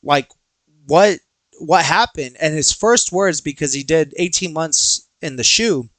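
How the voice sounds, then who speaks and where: A man's voice: on the high side, measured pace, no echo. A young man hosting a podcast, telling a personal story casually, acting out quoted voices and swearing freely. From Texas. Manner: animated, acts out quoted dialogue, swears freely. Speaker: podcast host.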